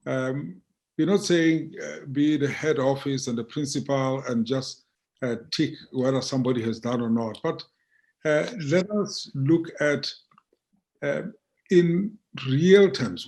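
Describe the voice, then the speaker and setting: Halting South African archbishop, man. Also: mid-range voice, a little mellow. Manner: halting, repeats words, many fillers. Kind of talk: conversational interview.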